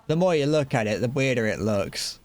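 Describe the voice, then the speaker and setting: A man's voice: medium pitch, expressive, brisk, darkish tone. A young man from Britain chatting casually while he streams a game, rambling and playful, humming to himself between remarks. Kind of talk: casual gaming stream chat.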